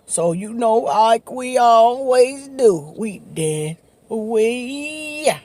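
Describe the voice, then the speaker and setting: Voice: medium pitch, lively intonation, slow, mellow. A vlogger, chatting casually while eating on camera, laughing often and talking in loose, informal slang. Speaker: mukbang vlogger.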